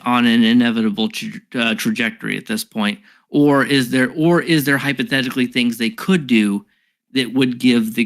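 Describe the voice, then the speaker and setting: A man co-hosting a casual podcast chat, thinking aloud and hedging with many fillers. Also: mid-range voice. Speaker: podcast co-host. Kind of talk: casual discussion.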